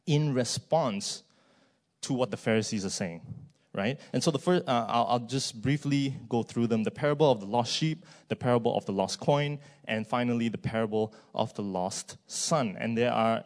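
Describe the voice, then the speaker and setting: A male preacher talks through scripture in a church. His voice sits at an ordinary middle pitch, and his delivery is chatty and unpolished, with plenty of fillers and quick check-ins with the congregation. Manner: conversational, often adds "right?" and fillers. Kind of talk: sermon.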